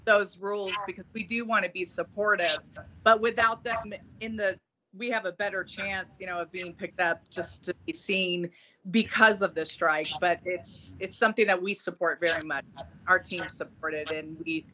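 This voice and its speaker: A woman's voice: lowish voice, fairly even intonation, normal speed, sharp tone. A woman talking as a guest on a casual podcast, earnest and often restarting her sentences as she thinks. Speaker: guest, executive producer. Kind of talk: casual conversation. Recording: dull lo-fi recording.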